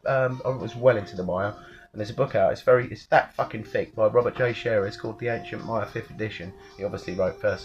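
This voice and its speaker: A man's voice: medium pitch, dull audio. A man, talking in a casual rambling monologue, swearing a lot and restarting his sentences. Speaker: channel host.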